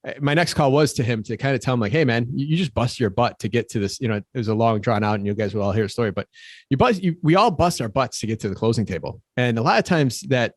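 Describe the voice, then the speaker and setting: A man's voice: lowish voice, no echo, studio quality. A middle-aged man, co-hosting a podcast in casual chat, upbeat and often repeating words as he thinks. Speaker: podcast co-host.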